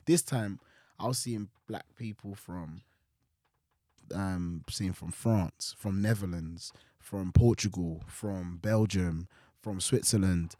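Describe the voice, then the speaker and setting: A young man, chatting on a casual podcast and telling stories in an animated way, with his voice jumping up when he gets excited. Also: sits low, slow, no room sound, clean studio sound. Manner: animated storytelling, voice jumps up in excitement. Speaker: guest co-host.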